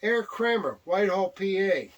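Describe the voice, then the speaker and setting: An older man co-hosting a casual wrestling talk show, boisterous and teasing, reading out questions and shouting to rile up his co-host. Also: high voice, animated, normal speed.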